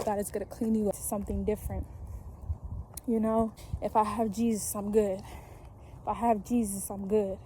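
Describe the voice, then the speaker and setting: A woman's voice: mid-range voice, flat delivery, moderate pace, pauses often, warm tone, a little hiss or hum. A woman delivering a spontaneous, fervent sermon to camera, repeating phrases, urging listeners and breaking into tongues. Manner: repetitive, exhorting, speaks in tongues. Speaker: preacher. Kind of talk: spontaneous prophetic sermon video.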